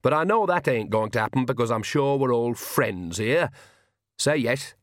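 A man's voice: medium pitch, sing-song, moderate pace, no room sound, clean studio sound, voice pushed up, close to an everyday voice. A man voicing a cheerful, cunning old witch woman who bosses people about in a folksy way. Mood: bossy cheerful.

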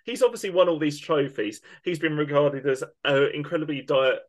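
A man's voice: a little high, brisk. Indignant man ranting. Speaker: podcast co-host. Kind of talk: opinionated football podcast rant.

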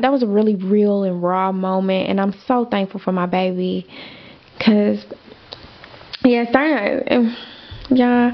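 A young adult woman hosts a podcast in a mid-range voice with vocal fry, telling a personal story candidly and chattily. She uses lots of fillers and asides to her listeners, and the recording is muffled.

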